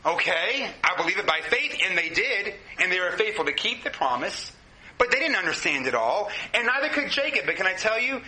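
A man's voice: high-pitched, sing-song, brisk, pushed and bright. A man, a pastor, preaching a sermon with passion and speaking straight to his congregation. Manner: impassioned preaching, addresses the congregation directly. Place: church hall with a congregation. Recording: roomy echoing hall.

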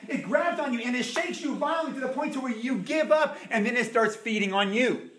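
A man preaching a sermon in a church, animated and dramatic, acting out the voices he quotes. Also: extremely high pitch, brisk.

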